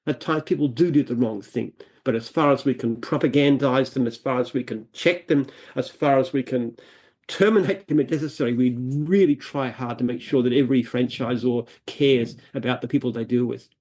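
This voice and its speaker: An Australian man speaks as an interview guest, earnest and emphatic. He often repeats himself as he builds a point. His voice sits at a middle pitch. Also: moderate pace, a little mellow. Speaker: franchise founder, guest. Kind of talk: interview answers.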